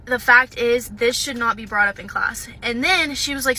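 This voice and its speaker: A young woman at university tells a personal story to the camera, casual and hesitant, full of "um" and "like." Her voice is high-ish, bright and forceful at a moderate pace, and the recording is rough.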